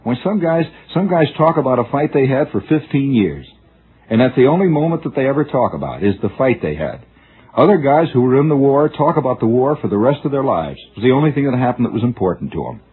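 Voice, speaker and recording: A man's voice: mid-range voice, sing-song, fast talker, breathy edge. A man telling a rambling, musing story as a radio monologue, with frequent restarts, recorded on a tinny old radio broadcast. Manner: discursive, musing, restarts often.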